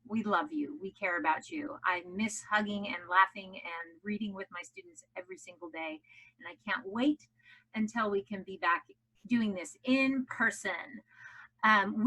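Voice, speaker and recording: A woman's voice: medium pitch, sharp tone, poor audio. A woman teaching English language learners in a recorded lesson for children, encouraging and carefully drawing out her stressed vowels. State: out of breath after jumping jacks. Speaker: ESL teacher.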